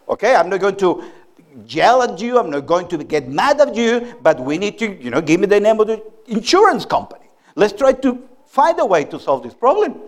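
A middle-aged man delivers a sermon in a notably high voice. He teaches earnestly and plainly, building his points from everyday examples. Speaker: preacher.

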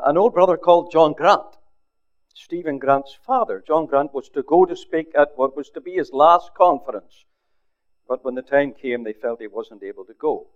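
Older male pastor telling a story, tinny sound. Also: on the high side. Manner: storytelling, drops to a hush for quotes. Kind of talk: sermon testimony. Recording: phone-like narrow sound.

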